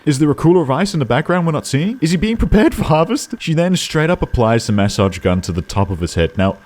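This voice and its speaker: A young man giving sarcastic comedic commentary on videos, breaking into high yelling outbursts. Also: big pitch swings, quick pace. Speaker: YouTube commentator.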